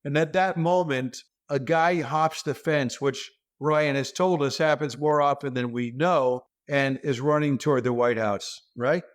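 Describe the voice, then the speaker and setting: A man, a stand-up comedian, telling animated, self-deprecating stories as a guest over a video call. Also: on the high side, a little slow, hardly any pauses. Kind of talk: comic storytelling.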